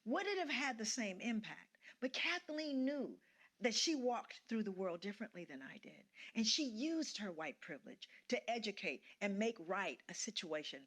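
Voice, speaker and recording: A middle-aged woman tells a personal story with a lively, swooping voice and a bright, clear tone. She acts out the people in it and laughs between lines. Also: mid-range voice, normal speed. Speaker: guest speaker sharing a personal story. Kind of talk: storytelling talk.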